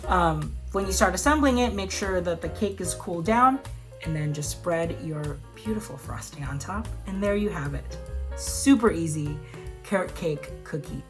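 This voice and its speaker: A woman's voice: lowish voice, expressive, normal speed, music in the background. A woman hosting her own cooking show, chatting casually and upbeat through a recipe with lots of "like" and "um". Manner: chatty, upbeat, full of "like" and "um" fillers. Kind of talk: casual cooking vlog chat.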